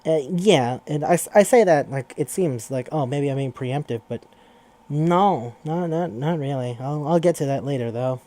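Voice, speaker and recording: A man's voice: on the high side, moderate pace, dark tone. A man casually recapping a story in a rambling, profane way, full of fillers and restarts. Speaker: podcast host.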